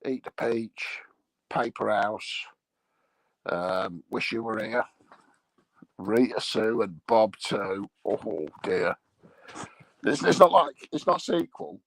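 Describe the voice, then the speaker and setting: A man with a gravelly, fry-laden voice rambles through bawdy comic chat, chuckling as he goes. His pitch jumps around a lot, and the sound is dry and close with little room. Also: lively intonation, takes it slowly, long pauses, no room sound, poor audio. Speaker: comic monologue host.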